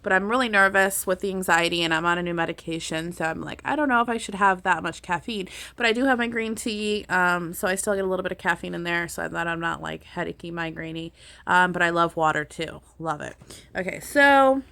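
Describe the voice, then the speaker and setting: Young woman vlogger, bright tone, rambling casual Q&A with fillers. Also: on the low side, brisk, creaky, clean tone. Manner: chatty, rambling with many ums and restarts. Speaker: beauty vlogger. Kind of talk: casual Q&A chat.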